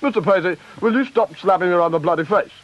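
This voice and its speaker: A man's voice: high-pitched, fast talker, slight background noise, natural voice. A man playing an earnest, hesitant politician who fills his speech with "uh". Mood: indignant. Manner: hesitant, many "uh" fillers, indignant. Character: earnest quick-talking middle-aged male politician. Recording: dull lo-fi tape.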